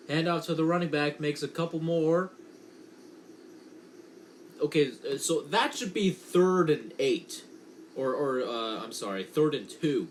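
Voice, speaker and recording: A man's voice: fairly high pitch, expressive, unhurried, slight background noise. A young man giving casual, unpolished play-by-play commentary on a football game from home, correcting himself and chatting between plays. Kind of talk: casual watch-along commentary.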